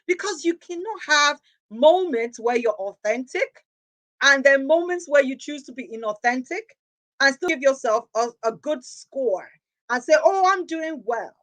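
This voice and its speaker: Woman host, high voice, earnest motivational talk, asks lots of questions, repeats lines for punch. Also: moderate pace, fairly bright tone, low-quality recording. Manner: earnest, rhetorical questions, repeats phrases for emphasis. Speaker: podcast host. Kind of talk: reflective motivational monologue.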